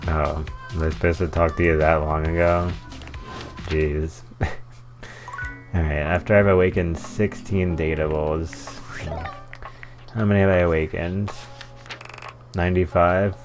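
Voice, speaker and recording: Male streamer, very deep and slow, sarcastic reactions. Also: little pitch movement, faint music behind. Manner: sarcastic, wry. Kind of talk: casual live commentary.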